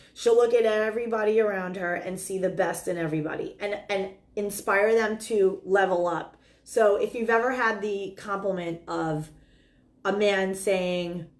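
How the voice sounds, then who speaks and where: A middle-aged woman giving dating advice in a casual, earnest monologue, talking with lots of likes and ums. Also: mid-range voice. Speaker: dating coach.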